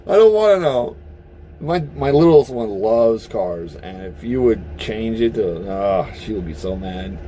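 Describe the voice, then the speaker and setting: A man's voice: fairly low pitch, unhurried, hardly any pauses, slight background noise. A man ranting casually to camera in a blunt, profane, heated way. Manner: animated, heated. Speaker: vlogger. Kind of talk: casual opinion rant.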